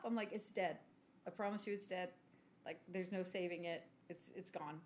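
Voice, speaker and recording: A woman, telling a story in casual podcast chat, self-mocking and clearing her throat now and then. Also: fairly low pitch, steady tone, moderate pace. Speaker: podcast co-host.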